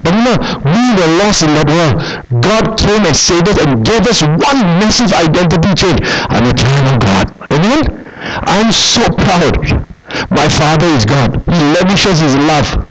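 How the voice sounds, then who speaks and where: A middle-aged male pastor preaching a sermon, animated, with rhetorical questions and anecdotes told through quoted dialogue. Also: fairly high pitch, measured pace, poor audio.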